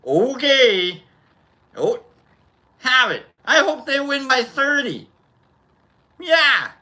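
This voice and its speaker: A man hosting a show, chatting casually and telling animated, joking stories. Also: very high-pitched, extremely slow. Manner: animated, joking, acts out quoted voices with loud yells. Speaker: livestream host. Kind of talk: casual storytelling chat.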